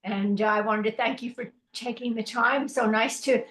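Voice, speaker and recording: New York woman, bright voice, echoey room. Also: a little high, fairly even intonation. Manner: grateful, halting. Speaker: call participant. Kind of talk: thanking a speaker on a video call. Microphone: video call.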